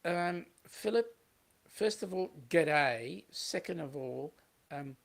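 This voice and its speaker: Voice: medium pitch, animated, takes it slowly, gravelly. A livestream host with an Australian accent, talking casually and greeting viewers by name as they read the chat aloud.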